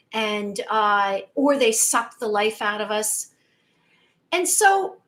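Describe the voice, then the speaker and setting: A woman's voice: sits high, fairly bright tone. A woman hosting a casual spiritual livestream, rambling and asking her viewers many questions.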